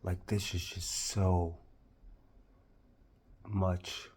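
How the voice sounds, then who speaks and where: Man, Southern US accent, makeup tutorial, unhurried delivery, lowish voice, effusive. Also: flat delivery, a little mellow, husky. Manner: effusive, gushing exclamations, drawn-out "y'all". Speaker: makeup vlogger.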